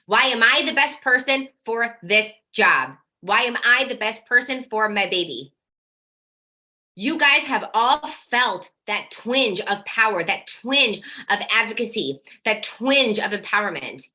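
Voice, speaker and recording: A woman's voice: on the high side, a little slow. A woman coaching parents in a live workshop, talking directly and energetically, now and then acting out their worried questions. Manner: energetic, direct, casual swearing.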